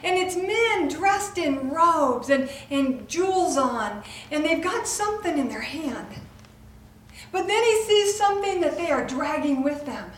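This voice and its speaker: A woman preacher telling a vivid scene to a women's gathering, impassioned and swinging from loud outbursts to hushed tones, recorded in an echoey room from far off. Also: sits high, lively intonation, a little slow, a little hiss or hum. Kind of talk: dramatic sermon to a women's audience.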